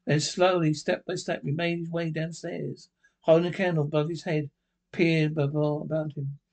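A man's voice: fairly high pitch, little pitch movement, darkish tone. A man reading a ghost story aloud, stumbling over words and restarting lines as he goes. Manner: halting reading with misreads and restarts. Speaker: narrator.

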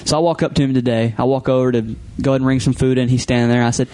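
A young man co-hosting a casual podcast, telling stories with a lot of animation and jumping high in pitch when he quotes people. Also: fairly even intonation, racing, warm tone, clear, resonant tone. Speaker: podcast co-host. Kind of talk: casual chat.

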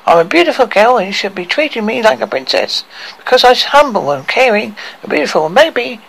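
Guy doing a high shrill fed-up young woman, yelling, all over the place, bit gravelly. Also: sing-song, normal speed, full character voice, rough recording. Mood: self-pitying. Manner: shrill yelling, exasperated complaining.

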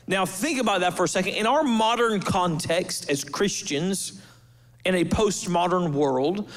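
A man with a high voice preaching a sermon. He sets his points apart with emphatic pauses and lets his pace swing between slow and quick as he talks to his church. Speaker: pastor.

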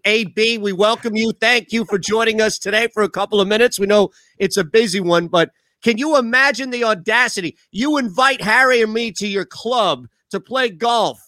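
Male sports talk host, animated and teasing, bright tone, dry close mic. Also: high voice, no room sound.

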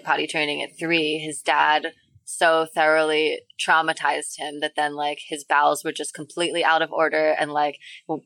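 Low, gravelly woman podcast host. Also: fairly bright tone, no echo. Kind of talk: casual chat.

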